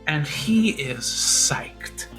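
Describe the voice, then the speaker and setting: A woman's voice: sits low, very animated, drawn-out words, fairly bright tone, faint music behind. A woman casually telling a story with a friend, laid-back and drawn out. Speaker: storyteller guest, band member.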